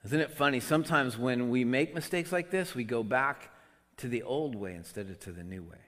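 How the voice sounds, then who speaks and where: A man delivers a sermon at a mid pitch. He swings between loud, emotional outbursts and quiet, conversational asides. His voice rings out in a hall with long reverb. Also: a little fast. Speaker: pastor.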